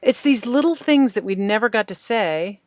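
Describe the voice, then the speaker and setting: A woman hosting a podcast as a tapping practitioner calmly guides her guest through tapping points and phrases to repeat. Her voice is on the high side at a moderate pace, with no echo.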